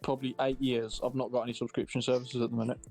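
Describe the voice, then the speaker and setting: A man's voice: medium pitch, flat delivery, racing, a little mellow, faint music behind. A man chatting casually, ribbing his friend in a laid-back way. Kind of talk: casual chat.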